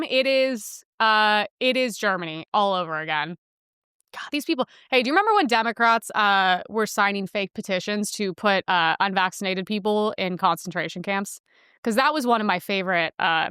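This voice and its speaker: A woman's voice: medium pitch, pushed and bright, clear, resonant tone, no room sound, clean studio sound. A young woman hosting a podcast, talking casually and sarcastically about the news, with frequent laughs. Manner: chatty, sarcastic, laughs often. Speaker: podcast host. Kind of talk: casual political commentary.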